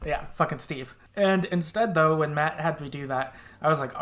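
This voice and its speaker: A man's voice: a little high, steady tone, normal speed, few pauses, a bit bright. A man co-hosting a podcast, chatting casually and laughing often as he recaps a game and acts out its quoted lines. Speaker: podcast co-host.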